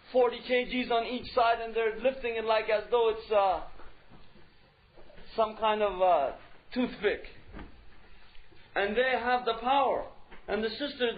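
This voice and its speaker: A man giving a religious lecture in an emphatic style, repeating key phrases and asking rhetorical questions. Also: very high-pitched. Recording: dull lo-fi recording.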